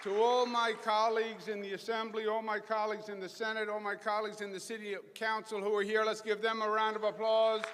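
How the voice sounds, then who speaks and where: A man's voice: high voice, level tone, brisk, hardly any pauses, background noise. A middle-aged man with a Queens New York accent giving a rousing, folksy political speech to a crowd in a large hall. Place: large college hall with live audience. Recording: echoey hall, long reverb.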